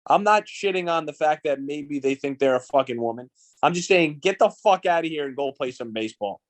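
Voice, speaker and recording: A man's voice: fairly high pitch, expressive, fairly quick. Blunt ranting man on a podcast. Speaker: podcast co-host. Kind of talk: casual podcast chat.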